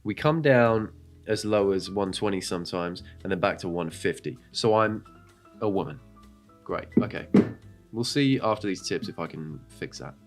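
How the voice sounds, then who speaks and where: A man talks over clips in a low voice, joking sarcastically and crudely. His delivery is loose and chatty, like a reaction host riffing into a desk mic. Faint guitar music plays quietly behind him. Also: animated, normal speed. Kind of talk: casual reaction commentary. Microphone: desk microphone.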